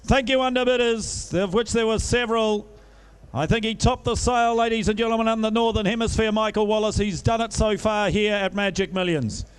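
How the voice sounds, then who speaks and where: Male auctioneer, high-pitched and crisp, fast bid chant with salesman coaxing. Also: steady tone. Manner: rapid-fire bid chant mixed with coaxing sales patter. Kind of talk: live auction calling.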